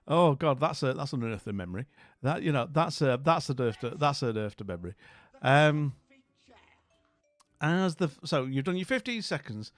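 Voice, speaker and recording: A man's voice: a little high, animated, moderate pace, long pauses, dry recording, studio quality, faint music behind. A middle-aged man with a Scottish accent hosting a livestream, chatting casually, telling a story and reading chat aloud. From Scotland. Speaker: livestream host.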